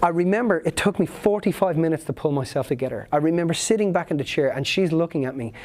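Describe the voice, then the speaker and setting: A man's voice: fairly high pitch, animated, fast talker, a little mellow. A man speaking at a seminar, telling a personal story in an earnest, emotional, vivid way.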